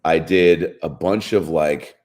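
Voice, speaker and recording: A man from Seattle, a comedian guest on a radio show, telling a rambling story in a deadpan way. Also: low-pitched, slow pace. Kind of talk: casual radio chat, storytelling.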